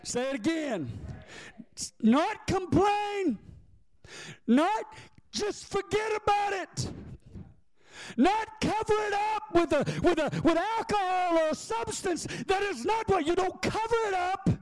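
A man's voice: very high-pitched, lively intonation, slow pace. A man preaching a sermon in a folksy way, repeating himself and calling on the congregation to answer. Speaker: pastor.

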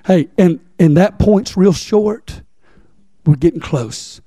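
A man preaches, teaching a Bible passage in a church with a folksy, repetitive style and questions for the congregation. His voice is high but mellow in tone. He talks slowly, and the sound is dry and close. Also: expressive, breathy edge, dry recording. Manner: folksy, repeats key words, asks the congregation.

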